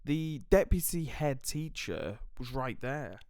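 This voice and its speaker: A man's voice: medium pitch, slow, no room sound, studio quality. A young adult man with a British accent, hosting a podcast and telling stories animatedly, swearing and filling his talk with "like". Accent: British English. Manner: animated, swearing, many fillers. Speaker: podcast host. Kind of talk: casual storytelling chat.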